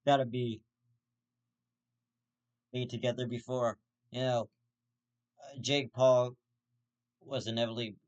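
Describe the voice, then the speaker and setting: Profane, ranting young-sounding man. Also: mid-range voice. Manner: heated, profanity-heavy, repetitive restarts. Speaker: host of a commentary vlog.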